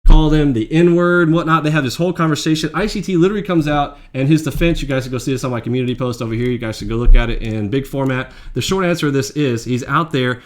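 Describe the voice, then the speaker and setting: A man hosts a trading channel and rants with open indignation. He mocks, raises his voice, then drops to low muttered asides. His pitch sits in the middle range for a man. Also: fast, few pauses. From Mexican heritage. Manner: indignant, mocking, swings between loud and muttered. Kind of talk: heated commentary rant.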